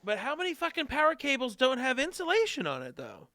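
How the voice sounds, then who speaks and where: A man hosting a casual interview, reacting with quick exclamations and follow-up questions. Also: very high-pitched, huge pitch swings, bright, forceful tone. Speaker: podcast host.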